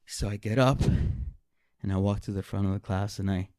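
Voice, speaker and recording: A man telling a personal story live on stage, animated and emotional, often stammering and repeating his words. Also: on the low side, moderate pace, no room sound, clean studio sound.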